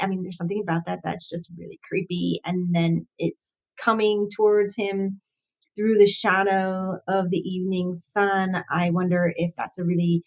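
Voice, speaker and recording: A woman of middle pitch talks through a casual live-stream, thinking aloud as she goes. She hesitates often, restarts her sentences and laughs lightly at herself. Her tone stays chatty and relaxed. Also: poor audio. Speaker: host analysing song lyrics.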